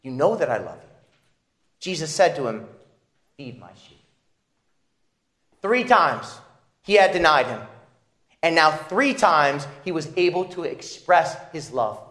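A man preaching a sermon, dramatic, dropping soft and low, then rising to emphatic, raised lines. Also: big pitch swings, a little slow. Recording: echoey room.

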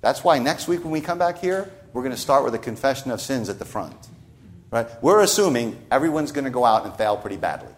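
Man, pastor, conversational sermon, animated intonation, frequent rhetorical asides. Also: mid-range voice, fairly quick.

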